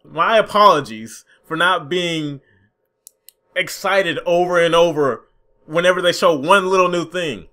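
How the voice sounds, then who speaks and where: A man's voice: sits high, measured pace, bright, forceful tone. A young man in a gaming commentary vlog, frustrated and profane, mocking the companies as he rants. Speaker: gaming YouTuber.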